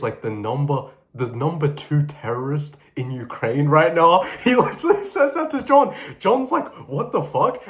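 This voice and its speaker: A young man casually recounting a strange story, excitable and profane, often laughing as he goes. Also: medium pitch. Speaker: vlogger.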